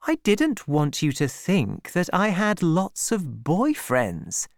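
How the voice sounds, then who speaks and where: A reader, likely a man, voicing a proud young woman farmer in a raised, lighter voice, speaking slowly and firmly. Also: high-pitched, huge pitch swings, gravelly, dry recording, clean studio sound, voice pushed up, exaggerated voice. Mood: firm refusal. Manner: firm, slow and deliberate.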